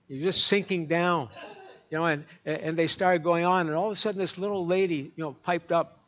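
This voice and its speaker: Folksy pastor preaching. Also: male voice, a little high, steady tone, fairly quick, a bit bright. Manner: folksy and rambling, with many fillers and restarts. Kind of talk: sermon. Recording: dull lo-fi recording.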